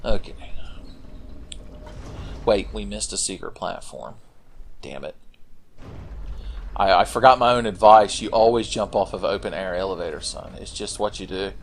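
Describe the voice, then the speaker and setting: A man's voice: lowish voice, moderate pace, pauses often, slight background noise. A young man giving casual, profane, rambling commentary while playing a video game. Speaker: gaming commentator. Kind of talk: casual let's-play commentary.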